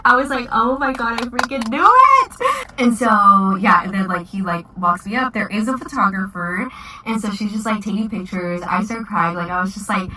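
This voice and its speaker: A woman's voice: mid-range voice, normal speed, bright, forceful tone, distant mic, rough recording. A woman in her twenties telling a casual storytime vlog, chatty and full of "like" fillers. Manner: chatty, many "like" fillers, giggly. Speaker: vlogger.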